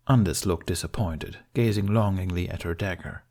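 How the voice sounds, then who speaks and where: Male audiobook narrator, low voice, steady and emotional delivery. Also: moderate pace. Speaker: fan fiction narrator.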